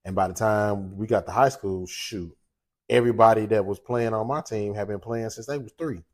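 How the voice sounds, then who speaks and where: Laid-back storytelling man, lower voice. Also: moderate pace. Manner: animated, laughing, voices quoted people. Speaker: cooking show host. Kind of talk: casual storytelling.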